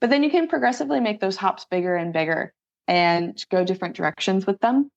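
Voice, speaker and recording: A woman's voice: medium pitch, expressive, fast, vocal fry, dull audio. A woman strength coach explaining exercises step by step in a casual, upbeat interview. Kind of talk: conversational interview.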